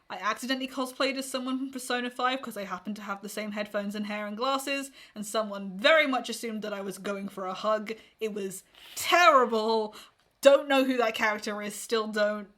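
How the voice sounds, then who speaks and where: A woman co-hosting a casual podcast, her voice sitting a little higher than most. She speaks frankly and gives blunt advice, laughing often as she talks. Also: moderate pace, fairly bright tone. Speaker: podcast co-host. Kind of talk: casual chat.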